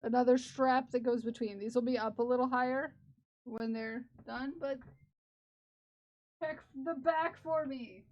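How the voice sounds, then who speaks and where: A woman's voice: fairly high pitch, steady tone, measured pace. A woman streaming live, chatting casually with her viewers while working on a crafting project, laughing and talking to herself. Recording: slightly dull lo-fi stream audio.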